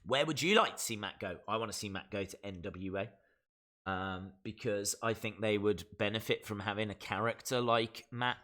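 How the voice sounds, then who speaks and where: Bright-voiced Black Country man. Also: fairly low pitch, normal speed. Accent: Black Country English. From West Midlands, England. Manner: chatty and opinionated, with frequent fillers. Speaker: wrestling live-stream host. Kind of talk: casual live-stream chat, reading viewer comments.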